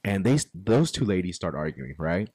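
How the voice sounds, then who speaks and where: A man's voice: deep voice, normal speed, husky, dry recording. Man telling a story in a dry studio. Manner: animated, profane, acts out quotes. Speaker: podcast co-host. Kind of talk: casual storytelling. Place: recording studio.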